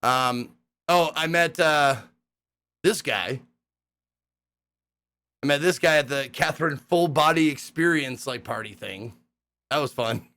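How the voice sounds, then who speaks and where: A young man casually recapping a hosting gig, rambling and profane, acting out the people he quotes in excited voices. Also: fairly high pitch, a little slow, pauses often.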